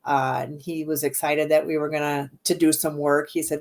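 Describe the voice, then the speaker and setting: Chatty woman with a lower voice. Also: flat delivery, moderate pace, darkish tone. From Midwestern United States. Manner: chatty, rambling, many ums. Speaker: haunted venue owner, guest. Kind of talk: casual interview chat.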